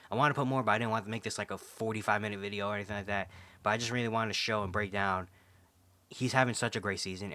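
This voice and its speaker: A young man talks fast and eagerly through basketball footage, his sentences tumbling over each other with restarts. His voice sits fairly low but sounds bright and forward. The recording is dry and close, with almost no room sound. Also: no echo. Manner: enthusiastic, rambling with restarts. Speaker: basketball vlogger. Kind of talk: casual film breakdown.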